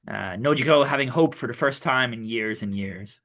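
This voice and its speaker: A man's voice: medium pitch, normal speed, few pauses, fairly bright tone. A man co-hosting a casual podcast, playful and bantering as he reads a comic aloud. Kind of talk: casual chat.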